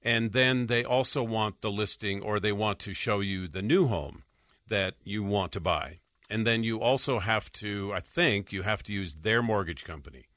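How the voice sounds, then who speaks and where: A man hosting a radio talk show about mortgages, reading listener questions aloud and answering in a halting way, with many fillers and frequent chuckles. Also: lowish voice, fairly bright tone, no room sound, clean studio sound. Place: radio studio.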